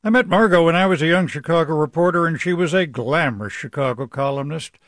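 A male radio news host with a somewhat high voice speaks in a close, dry studio. He tells stories in a warm, wry way, with careful timing. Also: fast, no room sound. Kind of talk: radio news interview and personal essay.

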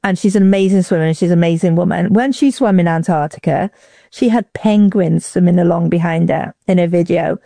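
A woman from Wales telling a lively story in an interview, acting out other people's lines with big jumps in her voice. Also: brisk, gravelly, no echo, clean studio sound. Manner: lively, acts out quotes with big pitch jumps. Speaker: interview guest. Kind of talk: casual storytelling.

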